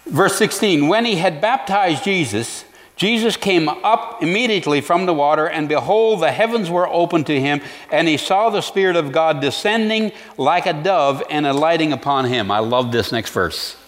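A male pastor preaching a sermon in an earnest way, pausing to reflect and restarting his phrases. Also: fairly high pitch, lively intonation, in a large hall.

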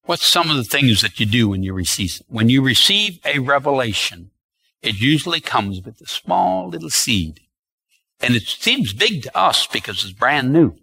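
A man's voice: mid-range voice, big pitch swings, moderate pace, gravelly, bright, forceful tone, breathy edge, low-quality recording. Preacher man, lots of repeating for emphasis, voice swings up and down a lot. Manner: emphatic and repetitive, stretching key words. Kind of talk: sermon.

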